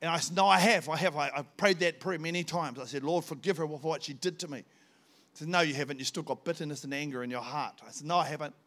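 A man's voice: a little high, fast. An older man, a visiting preacher telling a personal testimony in a sermon and acting out the dialogue. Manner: animated storytelling, acting out dialogue.

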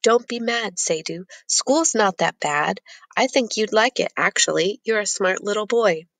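A woman voicing an earnest, gentle city-raised girl who talks in a reassuring way in an audiobook. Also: medium pitch, unhurried, dry recording. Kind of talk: audiobook character voice.

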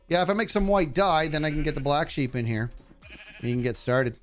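Chatty, lively male game streamer. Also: on the high side, a little fast, faint music behind. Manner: chatty, talks to animals and chat. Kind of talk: live gameplay commentary.

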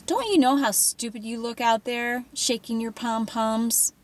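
Woman voicing a cruel teenage girl, sneering, mocking, high-ish voice, unhurried menace. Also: natural voice. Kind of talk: audiobook character voice.

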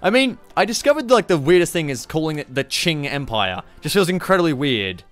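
Young Australian streamer on a mic, loose and foul-mouthed, with faint music behind him. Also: male voice, on the high side, sing-song, fairly quick, a bit bright. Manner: profane, rambling, joking. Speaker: game streamer. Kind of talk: live gameplay commentary. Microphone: streaming microphone.

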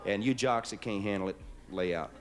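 A man's voice: on the low side, brisk. A man hosting a show on stage, joking in a down-home way and leading the audience in chants. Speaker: host. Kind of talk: folksy stage patter with audience. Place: TV studio stage with live audience. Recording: noisy 1970s live TV broadcast. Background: studio audience laughing.

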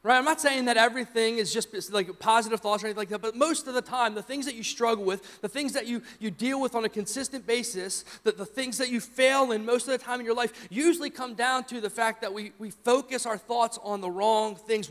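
A young man preaching a sermon, telling a personal story in an animated way and acting out his own shouts. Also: very high-pitched, fairly quick. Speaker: pastor. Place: church sanctuary. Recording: church hall reverb.

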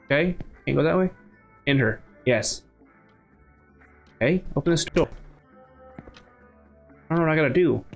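A man's voice: on the high side, expressive, moderate pace, vocal fry, pauses often, faint music behind. A man from the United States giving chatty, casual commentary while playing a game, thinking aloud with many restarts. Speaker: gaming channel host. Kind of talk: casual let's-play commentary.

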